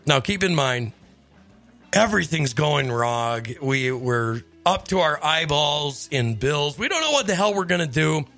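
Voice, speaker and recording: A man hosting a radio show, telling stories in a lively casual chat and laughing often. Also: on the high side, measured pace, soft background music. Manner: animated storyteller, laughs often. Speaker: radio host.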